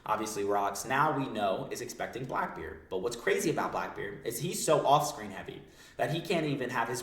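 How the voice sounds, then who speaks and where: A man's voice: medium pitch, very animated, a little fast, bright, forceful tone. A young man hosting a manga breakdown, with hyped, profane, slangy commentary. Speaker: manga breakdown video host. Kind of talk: excited, profane, casual commentary. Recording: echoey room.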